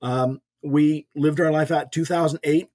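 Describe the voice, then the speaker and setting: A man's voice: fairly high pitch, fairly even intonation, measured pace, a little mellow. An older man, a podcast guest, earnestly telling a personal faith story in a folksy way. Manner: earnest, folksy storyteller acting out quoted voices. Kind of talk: storytelling testimony.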